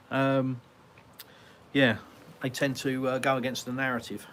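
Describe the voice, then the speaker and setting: This is a British live-stream host answering viewer chat from his garden in a casual Q&A. His mid-range voice barely moves in pitch, has a fairly bright tone, and keeps a slow pace, with slight background noise. He rambles chattily, reading comments aloud amid many ums and uhs.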